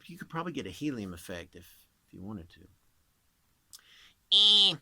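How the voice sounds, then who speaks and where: A man's voice: medium pitch, very animated, moderate pace, pushed and bright, slight background noise. A man in his thirties who works as a voice actor, rambling casually to camera and demonstrating voices as he explains.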